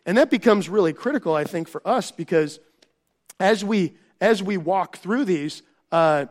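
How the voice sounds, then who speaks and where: A man preaching a church sermon, and his voice sits high for a man. He talks conversationally, restarts his phrases and keeps asking the congregation rhetorical questions. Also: lively intonation, normal speed. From Minnesota. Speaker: pastor.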